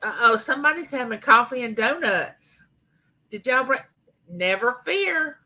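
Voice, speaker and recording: A woman's voice: high voice, lively intonation, a little slow, sharp tone, rough recording. Chatty Southern woman greeting viewers. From Mississippi, US. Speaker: YouTube channel host. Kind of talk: casual livestream chat greeting viewers.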